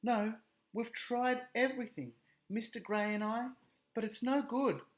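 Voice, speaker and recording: A high, fretful mother kangaroo from a storybook, as a man puts her on, tearful and worried. Her voice climbs well above an ordinary speaking voice and moves slowly and sorrowfully.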